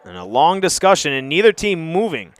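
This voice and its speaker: A man calling a live high school football game play by play, brisk and chatty, surging to shouts on big plays. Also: very animated, no room sound. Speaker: play-by-play announcer.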